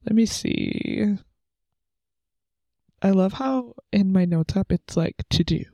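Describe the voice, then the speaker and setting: A young woman talks through her faith in a chatty, earnest way, full of filler words. Her voice is warm and relaxed, with a gravelly fry at the ends of phrases. She sounds close and dry, sitting on the floor at home. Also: medium pitch, slow pace, dry recording. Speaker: podcast host. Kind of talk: casual devotional talk.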